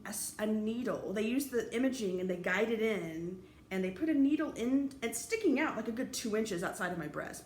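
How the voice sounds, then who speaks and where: A woman of middle pitch tells her story in a loose, rambling vlog style, with lots of "like" and restarts. Her voice rings in an echoey room, and a faint hum sits under it. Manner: chatty, rambling, many fillers and restarts. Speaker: teacher. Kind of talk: casual storytelling.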